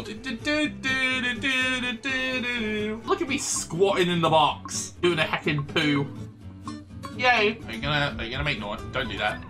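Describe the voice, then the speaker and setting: A man commentating a let's play on stream, joking, swearing and bantering with the characters through a desk mic. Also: fairly high pitch. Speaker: gaming streamer.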